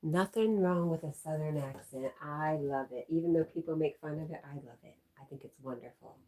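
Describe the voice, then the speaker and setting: A woman's voice: low voice, normal speed, warm tone. A middle-aged woman hosting a casual livestream, chatting and answering viewer comments with giggly asides. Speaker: livestream host.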